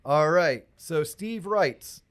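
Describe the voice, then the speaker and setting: A man's voice: on the high side, animated, takes it slowly, a bit bright. A man hosting a podcast, chatting casually and plugging events in an upbeat way. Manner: chatty, upbeat promo delivery. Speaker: podcast host.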